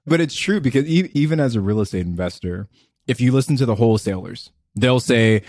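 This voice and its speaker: A man with a mid-pitched voice, recorded dry and close. He co-hosts a podcast in a laid-back, friendly way, throwing in casual words like "dude" and "brother". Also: fast, darkish tone, no echo. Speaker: podcast co-host. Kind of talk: casual chat.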